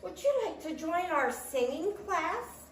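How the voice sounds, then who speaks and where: A woman voicing a cheerful young robin who chirps in a high sing-song, in an echoey room. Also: lively intonation, a little slow, a little hiss or hum. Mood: chirpy. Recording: echoey room, mic at a distance.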